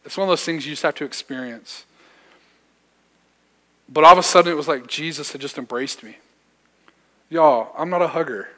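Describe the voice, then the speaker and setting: A man's voice: a little high, moderate pace, pauses often, a bit bright. Young man preaching casually in reverberant church. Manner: casual storytelling, slangy, self-deprecating humor. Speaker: youth pastor. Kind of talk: sermon. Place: church sanctuary.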